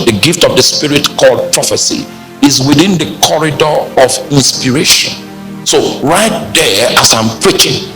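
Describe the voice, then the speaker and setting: Slow, emphatic preacher. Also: male voice, a little high, a bit bright, low-quality recording. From Nigeria. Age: 40s. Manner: slow, emphatic preaching with frequent checks on the congregation. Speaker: pastor. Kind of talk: sermon.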